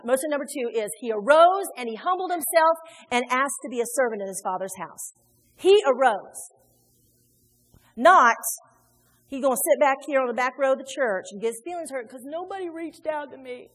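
A woman from Indiana preaches a sermon in a church sanctuary, emphatic and acting out the voices of the people she quotes. Her high-sitting voice is expressive, at normal speed with long pauses, and the recording has a long hall reverb.

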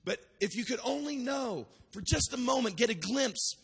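Impassioned preacher in a reverberant hall. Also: male voice, very high voice, lively intonation, normal speed, vocal fry, breathy edge. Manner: impassioned, builds to shouted cries; repeats phrases, frequent restarts. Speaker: pastor. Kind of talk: preaching a sermon.

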